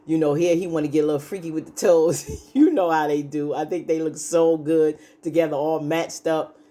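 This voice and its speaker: A woman's voice: low-pitched, steady tone, normal speed, dark tone. A woman giving a casual, chatty recap of a TV episode, full of "you know" fillers and acted-out lines from the characters. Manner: acts out characters' lines while retelling. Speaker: show recap host.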